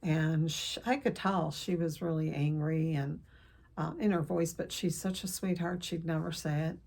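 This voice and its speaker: An older woman speaks straight to her viewers in a slightly low voice, sharing a painful family story. She is earnest and emotional, rambling a little, pausing and restarting her sentences as she goes. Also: fairly even intonation, creaky, a little mellow. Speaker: counselor vlogger. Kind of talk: personal storytelling to camera.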